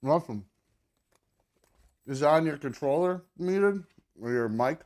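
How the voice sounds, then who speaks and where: Groaning, swearing man at a mid-pitched voice. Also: animated, measured pace, a little mellow. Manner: groaning, swearing, eating between words. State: straining, full and sweating. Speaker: podcast host. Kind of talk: casual chat during an eating challenge.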